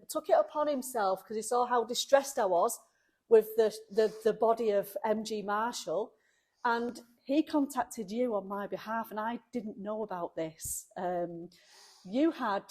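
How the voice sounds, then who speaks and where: In a casual vlog, a woman with a slightly high voice chats directly to the camera while leading a car restoration. She comes across warm and emotional, laughs often, and warmly thanks people as she talks.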